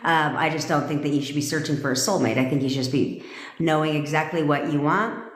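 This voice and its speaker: A woman's voice: low-pitched, fairly even intonation, brisk. A woman coach talking casually and bluntly to her livestream viewers, swearing freely and laughing often, recorded on a phone at home. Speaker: manifestation coach. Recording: echoey room.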